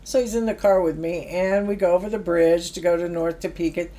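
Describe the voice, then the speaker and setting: A woman's voice: lowish voice, fairly even intonation, a little fast, mellow. A middle-aged woman, telling stories about her youth work in a chatty way, laughing now and then. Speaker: former youth project worker. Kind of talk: anecdotal storytelling.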